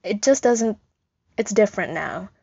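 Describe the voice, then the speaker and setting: A woman's voice: mid-range voice, lively intonation, measured pace, vocal fry, mellow, husky, dry recording, heavily acted. Woman voicing an earnest, sheepish man. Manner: earnest, apologetic. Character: earnest, sheepish young man, new parent. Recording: dull lo-fi recording.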